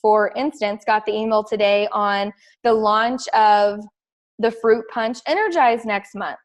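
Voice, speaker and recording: A woman, a fitness coach talking excitedly and casually to her team on a call, full of "like" fillers. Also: medium pitch, unhurried. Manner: chatty and excitable, heavy use of "like".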